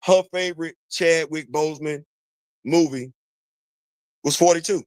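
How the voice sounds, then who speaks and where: High-pitched guy ranting on his show, aave, repeats himself a lot, dry close mic. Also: a little slow, no echo. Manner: animated, preachy, repeats phrases, talks to chat. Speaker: podcast host. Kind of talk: casual commentary monologue.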